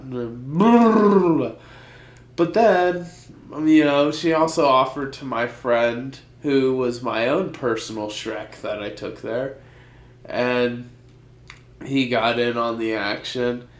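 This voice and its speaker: A man's voice: mid-range voice, takes it slowly. A young man co-hosting a podcast, telling loose, profane stories in casual chat. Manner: loose, profane storytelling with put-on quote voices. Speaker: podcast co-host. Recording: echoey room.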